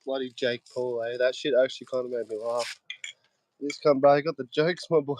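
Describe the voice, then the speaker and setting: A man's voice: mid-range voice, normal speed, darkish tone, no echo. A young Australian man in casual chat on a live stream, laid-back, laughing often and swearing freely, talking into his phone. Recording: faint noise and clicks.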